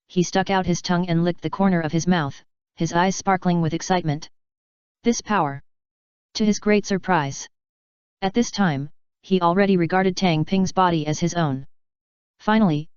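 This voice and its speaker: Smooth low-voiced woman narrating. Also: steady tone, brisk, a little mellow, dry recording, lo-fi sound. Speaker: audiobook narrator. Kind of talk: scripted narration.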